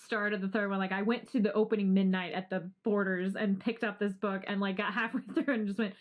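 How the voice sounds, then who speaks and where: A young adult woman co-hosting a podcast in casual chat, animated, laughing often and swearing freely. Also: mid-range voice, fairly quick. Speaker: podcast co-host.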